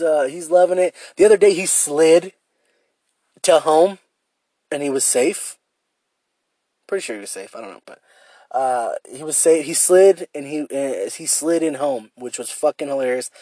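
Guy in his 30s doing a solo podcast rant, kinda high voice, cusses a lot, repeats himself, dead dry mic. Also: warm tone, no echo. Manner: rambling, swears a lot, self-deprecating, stammers and repeats himself. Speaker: podcast host.

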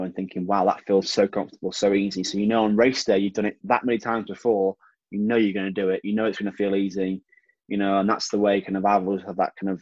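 A man's voice: on the low side, no room sound, dull audio. A young English man, a swimmer being interviewed, talking casually and easily with lots of "you know". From England. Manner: relaxed, chatty, frequent "you know". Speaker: swimmer, guest.

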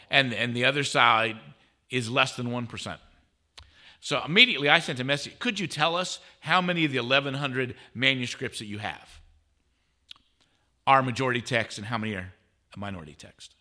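A man speaking as a guest at a conference, telling a story in an animated way. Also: mid-range voice. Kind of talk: conference talk. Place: conference stage.

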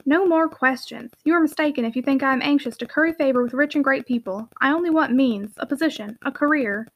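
A reserved, brooding young mill owner from a storybook, voiced by a woman reader. He gives curt, guarded replies in a fairly high voice at a brisk pace. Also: dry recording, muffled recording.

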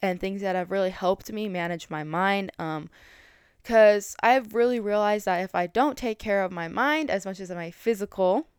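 A woman's voice: medium pitch, normal speed, clean tone, dry recording, clean studio sound. A woman in her twenties hosting a solo podcast, talking casually and rambling with many fillers and restarts. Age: 20s. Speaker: podcast host.

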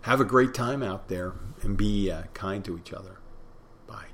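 A middle-aged male podcast host talks on his own in a loose, folksy ramble. His voice sits on the low side, unhurried and conversational. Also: a bit bright, a little hiss or hum. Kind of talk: casual solo monologue.

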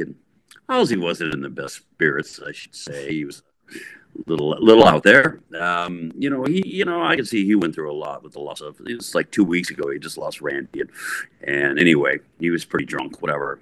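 A man in his sixties from the Bay Area, a rock guitarist telling a story in a casual interview, lively and full of fillers. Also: low-pitched, brisk, no echo. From San Francisco Bay Area, USA. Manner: animated, acts out voices, lots of fillers.

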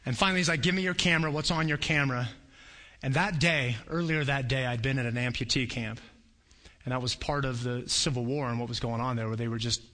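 Bright animated male preacher. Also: mid-range voice. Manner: animated storytelling, acts out voices. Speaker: pastor. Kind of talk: sermon with personal story.

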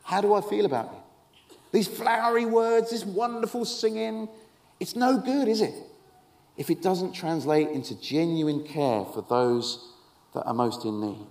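High-voiced preacher, animated. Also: male voice, unhurried. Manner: animated storytelling with wry humorous asides. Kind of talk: sermon. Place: event hall with an audience.

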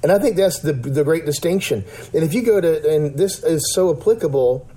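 A man's voice: a little high, expressive, brisk, warm tone, slightly rough. A man in casual discussion, talking earnestly in a rambling way with many restarts and fillers.

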